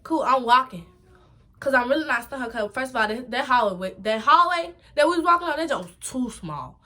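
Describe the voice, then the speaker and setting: A young woman with a New York accent, casually telling a storytime in an animated, chatty, slangy way. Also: fairly quick. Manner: animated, chatty, slangy retelling with repeated "boom". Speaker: vlogger.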